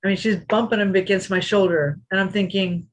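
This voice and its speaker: A woman in her fifties, a former kickboxing champion, telling animated stories as a podcast guest and acting out what people said. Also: mid-range voice, a little fast, rough recording. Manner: animated, acts out quotes. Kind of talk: storytelling in a podcast interview.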